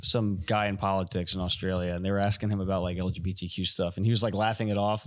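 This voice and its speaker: A man's voice: lowish voice, fairly even intonation, quick pace, hardly any pauses. A man on a podcast chatting casually, rambling with lots of "like" fillers. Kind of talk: casual chat.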